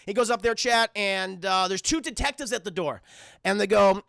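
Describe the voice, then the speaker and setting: A man recapping a film for his live chat in a crude, animated way, with frequent asides to his viewers. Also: high voice, moderate pace, gravelly, no echo, clean studio sound. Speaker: film reviewer streaming to chat. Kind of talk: casual live-stream recap.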